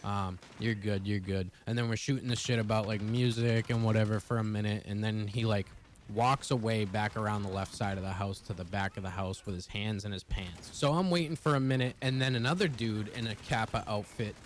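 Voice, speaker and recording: A man's voice: fairly low pitch, slight background noise. A young man telling a personal story to his viewers in a casual, profane, rambling way. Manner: profane, fast-rambling retelling. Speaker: vlogger.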